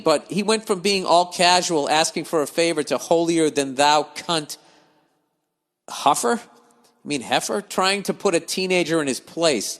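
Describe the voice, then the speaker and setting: A man with a somewhat high voice rants his way through listener letters, swearing freely and wandering off on tangents. A long reverb trails after his words. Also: a bit bright. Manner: swears freely, grumbles and digresses. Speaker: podcast host reading listener letters. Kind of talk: profane comedic rant.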